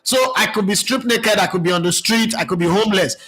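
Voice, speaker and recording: Nigerian guy chatting football on a stream, high bright voice, reading out comments. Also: quick pace, husky, soft background music, poor audio. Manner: chatty, mixes Pidgin with English, reads out viewer comments. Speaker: football show host. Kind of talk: casual live-stream chat.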